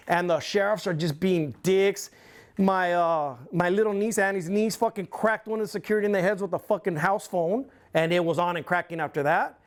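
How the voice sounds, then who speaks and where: Profane, rambling middle-aged man. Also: high voice. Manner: profane, rambling, animated retelling. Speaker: interview guest. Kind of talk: casual storytelling interview.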